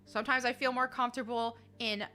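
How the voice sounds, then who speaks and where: A woman's voice: fairly high pitch, little pitch movement, brisk, sharp tone, soft background music. A woman streaming a game, chatting casually and reading viewer messages aloud, giggly and chatty with lots of fillers.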